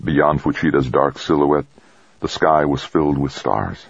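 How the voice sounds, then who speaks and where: A man narrating an audiobook in an even, measured storytelling manner. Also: very deep voice, no echo, dull audio. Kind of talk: scripted narration.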